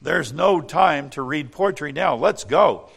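A man's voice: fairly high pitch, animated, slow pace, vocal fry, fairly bright tone, husky, pitched above the performer's own voice, full character voice. A man voicing a fussy, proper male goose who reads poetry, with prim exclamations in a children's story. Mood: flustered.

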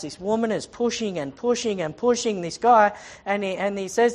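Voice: medium pitch, a little slow. Preacher giving a sermon, reads the old scripture aloud, then retells it in plain chatty words and hammers points home by saying them again. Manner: emphatic, repeating phrases for stress.

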